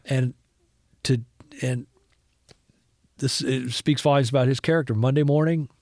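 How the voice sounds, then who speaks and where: A middle-aged man, a former camera operator turned director, telling anecdotes in a casual interview with animated energy. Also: mid-range voice, a little slow, no room sound, clean studio sound. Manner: animated storyteller who acts out other people's lines.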